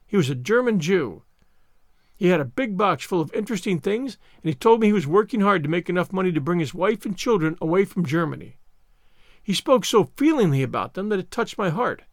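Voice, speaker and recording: A man's voice: high voice, big pitch swings, brisk, no echo, studio quality. A man voicing a dramatic, wordy young girl in a storybook reading, pleading in a theatrical manner. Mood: earnest. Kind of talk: audiobook character reading.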